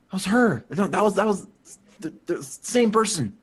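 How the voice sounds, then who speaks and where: A man playing a tabletop game, excitable and hesitant, with lots of fillers. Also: high voice, normal speed, breathy edge. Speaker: player.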